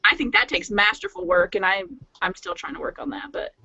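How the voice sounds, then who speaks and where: A woman author chatting on a podcast panel, thoughtful and rambling with many pauses. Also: mid-range voice, sing-song, creaky, sharp tone, no echo. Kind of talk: casual chat. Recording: dry, dull lo-fi audio.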